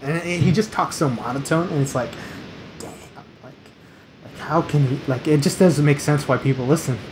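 A man's voice: on the high side, moderate pace, background noise. A man co-hosting a casual late-night podcast, rambling and laughing as he tells stories. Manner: rambling, laughs often, mimics voices. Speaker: podcast co-host. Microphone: podcast mic.

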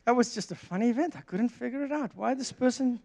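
High-voiced man preaching a sermon. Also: quick pace, gravelly. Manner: animated storyteller, frequent restarts, laughs. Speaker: pastor. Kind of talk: sermon with personal anecdote.

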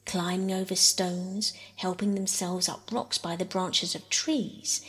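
A woman reading a classic children's story aloud as a soft bedtime audiobook, often half-whispering. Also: lowish voice, steady tone, slow, slightly rough. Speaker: audiobook narrator.

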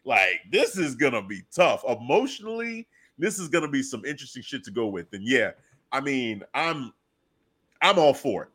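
A man in casual podcast chat, excitedly retelling a wrestling segment and acting out his own reactions. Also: mid-range voice, moderate pace, husky.

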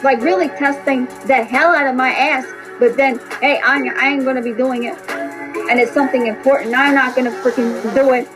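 Brief: woman podcast reader, higher voice, blunt and repetitive, swears freely, light music under her. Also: fairly even intonation, a little fast, poor audio. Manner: blunt, repetitive, profane, emphatic. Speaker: tarot reader and podcast host. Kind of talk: casual spoken monologue.

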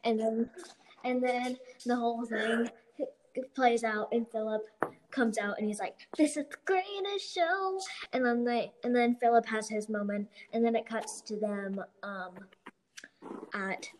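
A woman's voice: a little high, little pitch movement, a little slow, noisy background. A woman casually retelling a movie's plot in a rambling way, full of "like" and "blah blah". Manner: rambling, filler-heavy retelling with lots of "like" and "blah blah". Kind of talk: casual chat.

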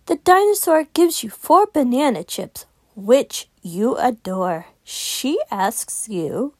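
A woman reading a children's picture book aloud as host of her podcast, expressive and sing-song. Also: a little high, takes it slowly, no room sound, clean studio sound. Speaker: children's story reader.

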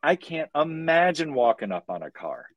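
A man telling wild stories as a podcast guest, profane and animated, acting out the voices of the people in them. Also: fairly high pitch, normal speed, dry recording, muffled recording. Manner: profane, animated, acts out quoted dialogue. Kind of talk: casual chat, storytelling.

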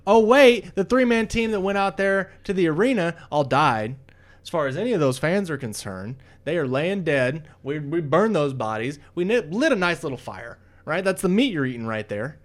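A man's voice: fairly high pitch, lively intonation, normal speed, voice pushed down, close to an everyday voice. Man doing a big, foul-mouthed wrestling booker. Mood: ranting. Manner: profane, scolding, barking orders.

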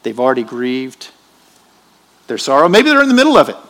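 A man's voice: medium pitch, huge pitch swings, brisk, a bit bright. A man preaching a sermon in a church, emphatic and questioning his congregation. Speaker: pastor.

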